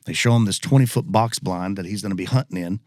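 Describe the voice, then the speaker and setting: A man's voice: on the low side, fast, a little mellow, dry recording, studio quality. A man telling a listener's hunting story in easygoing podcast chat. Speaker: podcast co-host. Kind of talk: casual storytelling.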